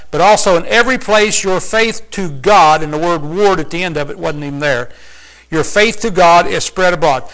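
A man's voice: sits high, fairly bright tone, rough recording. A man preacher giving informal Bible teaching in a folksy, conversational way, often asking the listeners questions.

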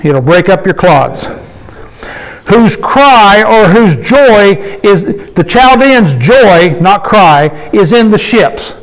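A man's voice: sits high, very animated, slow, rough recording. A man preaching a conversational sermon to a small gathering, folksy and emphatic, often asking the congregation questions. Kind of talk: conversational sermon with call and response.

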